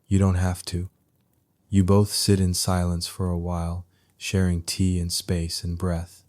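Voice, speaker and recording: A man softly telling a soothing bedtime story in a hushed, unhurried voice. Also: low voice, monotone. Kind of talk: soothing sleep story narration.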